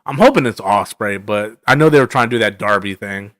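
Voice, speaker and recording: A man's voice: lowish voice, expressive, a little fast, a bit bright, no echo. Rambling male streamer with a dry sound. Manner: rambling, slangy, peppered with "man" and "bro". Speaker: live streamer host. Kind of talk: casual live stream commentary answering chat.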